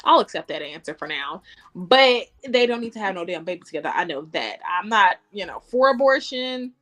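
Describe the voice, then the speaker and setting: A woman's voice: medium pitch, animated, a little fast, a bit bright. A woman co-hosting a casual podcast, blunt and profane, often laughing. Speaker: podcast co-host. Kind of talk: casual chat.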